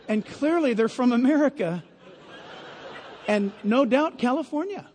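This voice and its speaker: A man's voice: extremely high pitch, lively intonation, unhurried, darkish tone, a faint crowd, a little hiss or hum. A man preaching a sermon, emphatic and full of stories. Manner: emphatic, storytelling. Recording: long hall reverb.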